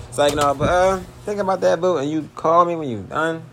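A man's voice: on the high side, lively intonation, a little fast, hardly any pauses, a bit bright, a little hiss or hum. A young man with a Philadelphia accent, venting in a profane, slangy monologue to his girlfriend. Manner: profane, slangy, pleading then exasperated. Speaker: vlogger.

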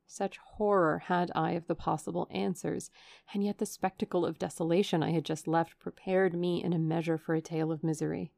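A woman narrating a classic novel in a measured, expressive reading into a studio microphone. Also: fairly low pitch, vocal fry, dry recording. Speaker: audiobook narrator. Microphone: USB studio microphone.

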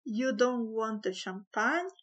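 A woman voicing a timid young housemaid in a read-aloud story, speaking in a small squeaky whimper. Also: animated, slow pace, lo-fi sound.

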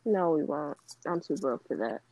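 A woman on a casual podcast, talking in a low-key, sleepy, deadpan way. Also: normal speed, no room sound, dull audio. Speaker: podcast guest.

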